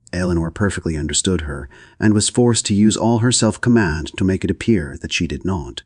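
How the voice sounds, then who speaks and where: A man narrating a classic novel as an audiobook in a measured, formal reading. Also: low-pitched, expressive, breathy edge, no echo, clean studio sound.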